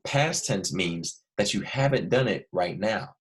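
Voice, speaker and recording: A man teaching a recorded lesson to young students, explaining patiently and repeating key points slowly. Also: on the low side, expressive.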